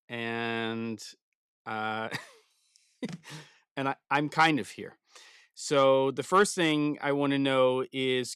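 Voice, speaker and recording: Male live-stream host, loose and chatty, smooth voice, dry close mic. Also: medium pitch, no echo. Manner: relaxed and rambling, reading out chat comments. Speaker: YouTube channel host. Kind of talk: casual live stream chat. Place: barn.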